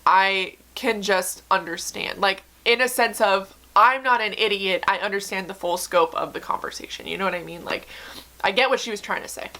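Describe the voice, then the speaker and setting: Bright-voiced young woman, candid and emotional. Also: medium pitch, normal speed. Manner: earnest, emotional, many fillers and profanity. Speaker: book vlogger. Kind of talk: candid casual chat to camera.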